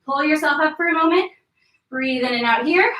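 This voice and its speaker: High, bright woman coaching a workout. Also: normal speed. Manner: chatty, joking, counting reps aloud. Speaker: fitness instructor. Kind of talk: live workout class with storytelling. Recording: echoey room, distant mic.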